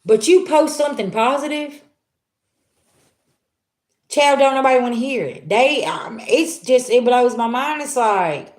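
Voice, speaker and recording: A woman's voice: on the high side, expressive, measured pace, long pauses. A woman reading on a live stream, talking in a chatty, emphatic way and throwing out rhetorical questions. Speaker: live-stream spiritual reader. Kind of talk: casual live-stream monologue.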